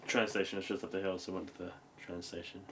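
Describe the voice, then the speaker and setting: Low-voiced rambling man over noisy background. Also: little pitch movement, fast talker. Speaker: podcast co-host. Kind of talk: casual podcast storytelling.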